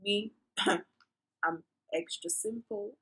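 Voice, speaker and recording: Bright-voiced chatty woman doing a makeup tutorial. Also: mid-range voice, animated, very slow, breathy edge, low-quality recording. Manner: chatty, playful, rambling asides; instructive, addresses viewers directly. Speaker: beauty vlogger.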